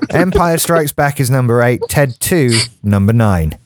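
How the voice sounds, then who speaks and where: A man, co-hosting a casual movie news podcast, chatty and quick to laugh. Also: mid-range voice, expressive, noisy background. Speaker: podcast co-host. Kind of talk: casual chat.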